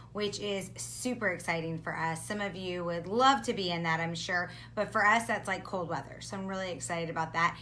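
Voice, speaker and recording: A woman hosting a live video stream, upbeat and gushing, often saying how excited she is, talking over a video call from home. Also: mid-range voice, a little hiss or hum. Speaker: host. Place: home in South Florida.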